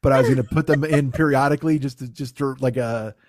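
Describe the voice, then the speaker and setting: A man's voice: medium pitch, fairly even intonation, fast talker, dry recording, clean studio sound. A man hosting a podcast in casual comedic banter, with sarcastic, profane rants. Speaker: podcast host.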